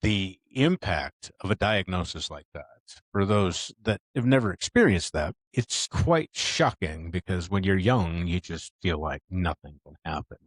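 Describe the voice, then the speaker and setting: Earnest low-voiced man in his fifties. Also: lively intonation, measured pace, hardly any pauses, dry recording. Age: 50s. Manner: earnest, reflective, speaks from his own experience. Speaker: podcast host. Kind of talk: conversational interview.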